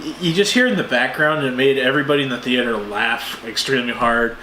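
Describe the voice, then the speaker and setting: A man co-hosting a casual movie review, chatty and quick to agree and laugh. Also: medium pitch, sharp tone. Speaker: co-host of a movie review show. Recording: echoey room with faint noise.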